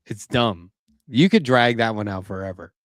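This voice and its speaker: A man's voice: mid-range voice, a bit bright, dry recording. Rambling storytelling man, dry mic. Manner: rambling storyteller, swears casually. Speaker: podcast co-host. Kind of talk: casual chat.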